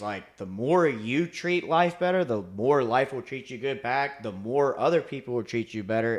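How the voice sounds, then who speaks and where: A young man co-hosting a podcast, chatting casually in a laid-back, rambling way full of "like" and "dude". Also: medium pitch. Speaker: podcast co-host. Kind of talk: casual chat.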